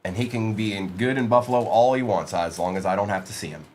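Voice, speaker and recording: A man's voice: lowish voice, fast, a little mellow. A man hosting a live sports card break, reading out player names from the pulls and chatting casually with viewers in the stream chat.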